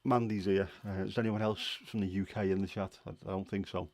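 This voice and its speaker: A man's voice: low-pitched, flat delivery, a little fast, darkish tone, dry recording. A man with a Scouse accent from Liverpool, hosting a livestream and chatting casually with viewers, rambling with plenty of fillers. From Liverpool, England. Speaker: livestream host. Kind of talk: casual chat answering viewers.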